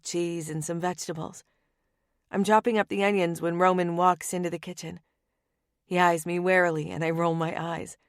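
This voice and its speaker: Brief: wry female narrator, lowish voice, close dry studio sound. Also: no room sound. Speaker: audiobook narrator. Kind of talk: first-person romance narration.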